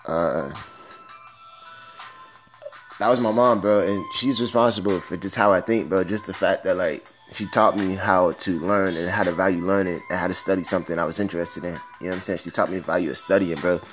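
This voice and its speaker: Podcast host: a young man from Miami, low-voiced and quick, slangy and profane, recorded on a phone. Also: soft background music. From Miami, Florida, US. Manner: loose, profane, slangy, animated asides. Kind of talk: casual storytelling monologue.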